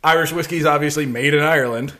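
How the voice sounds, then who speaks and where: A man's voice: fairly high pitch, steady tone, rapid-fire, pushed and bright. A man co-hosting a podcast in casual chat, explaining drinks at length and laughing often. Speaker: podcast co-host mixing cocktails.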